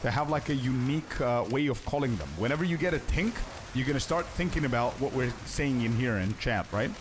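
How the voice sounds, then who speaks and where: A young man streaming a game in a casual, chatty way, answering viewers' questions and calling them "bro". His voice sits at a middle pitch. A faint hiss of noise stays behind him. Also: a little fast. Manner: chatty, answers chat, says "bro" often. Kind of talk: casual live-stream chat.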